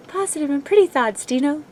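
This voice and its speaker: A woman co-hosting a casual unscripted chat, laughing often and teasing her co-host. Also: high-pitched. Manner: giggly, teasing.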